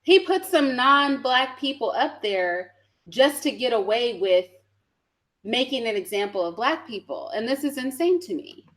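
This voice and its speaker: A woman's voice: on the high side, very animated, measured pace, fairly bright tone. A woman giving casual reaction commentary on a video, blunt and sassy, swearing and laughing as she talks.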